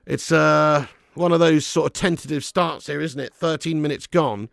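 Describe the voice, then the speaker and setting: Gravelly-voiced football fan host. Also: male voice, on the high side, normal speed, a bit bright, no room sound, studio quality. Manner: chatty, laughing, banter with viewers. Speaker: football watch-along host. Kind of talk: live casual match commentary and chat.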